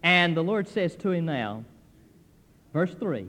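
An older male pastor preaching a folksy, animated sermon, acting out what church members tell him. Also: a little high, takes it slowly, long pauses. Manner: folksy, animated preaching with quoted voices and laughs. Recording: long hall reverb.

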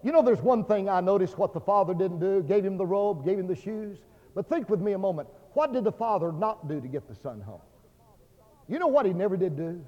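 A Baptist pastor preaching a fervent sermon, swinging between loud declarations and hushed tones. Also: male voice, high voice, lively intonation, a little fast. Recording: dull lo-fi sermon recording with long hall reverb.

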